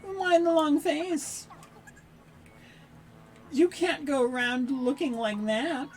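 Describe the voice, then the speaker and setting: A woman voicing a cheery old granny villager in a video game, reading her lines slowly and sweetly. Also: sits high, fairly even intonation, a little mellow, voice pushed up.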